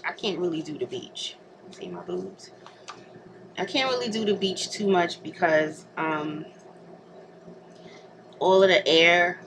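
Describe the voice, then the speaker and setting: A young adult woman vlogging casually while she gets ready at home, rambling and laughing often. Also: low voice. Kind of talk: casual chat to camera. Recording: noticeable background hiss.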